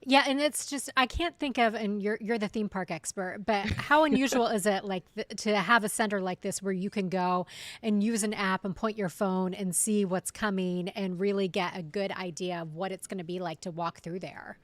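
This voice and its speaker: A woman's voice: mid-range voice, fairly even intonation, normal speed, no echo. A woman news anchor hosting a live studio chat segment, upbeat and friendly. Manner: friendly, upbeat, laughs often.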